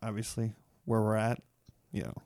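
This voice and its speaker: A man hosts a casual podcast, easygoing and quick to joke. His voice is at an ordinary pitch. The sound is dry and close, with no room around it. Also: monotone, darkish tone, no room sound. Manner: laid-back, joking, swears casually. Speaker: podcast host. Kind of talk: casual interview chat.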